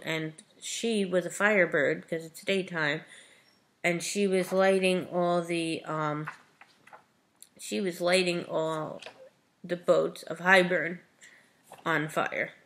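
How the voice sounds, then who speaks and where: Woman vlogger, unhurried and a bit gravelly, retelling a plot with lots of fillers. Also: on the low side, fairly even intonation, a bit bright. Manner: chatty retelling, frequent "like" and "you know". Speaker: book reviewer. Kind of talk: casual book review vlog.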